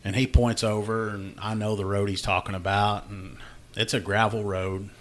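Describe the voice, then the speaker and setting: A man's voice: fairly low pitch, flat delivery, normal speed. A man, hosting a casual podcast chat and telling a work story with plenty of laughter and acted-out dialogue. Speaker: podcast host, law enforcement officer.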